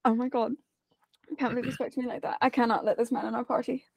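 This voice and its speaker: Woman, tabletop player, in character, playful put-on accent, fairly high voice, dry sound. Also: flat delivery, fast, vocal fry, no room sound. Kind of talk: in-character role-play.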